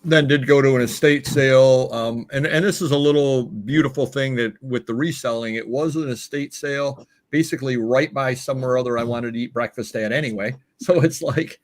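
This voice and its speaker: A male host of a live online chat show tells long, meandering stories. He pauses often with filler words, and his voice sits at a plain middle pitch. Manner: rambling anecdotes with filler words.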